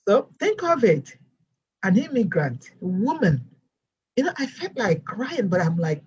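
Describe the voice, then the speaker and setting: A woman with a non-American English accent, telling her story as a guest teacher in a lively storytelling way. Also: fairly high pitch, a little slow, husky, dull audio. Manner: animated storyteller, acts out quoted voices. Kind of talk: storytelling interview chat.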